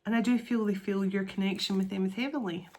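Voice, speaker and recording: Woman, tarot card reader, mid-pitched voice, soft and earnest, openly emotional, drawn-out words. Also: steady tone. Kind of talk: intuitive tarot reading to viewers.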